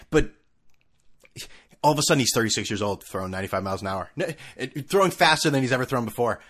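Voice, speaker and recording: A man's voice: medium pitch, a bit bright. A man hosting a sports talk show, ranting sarcastically in a casual monologue full of asides. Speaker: sports podcast host.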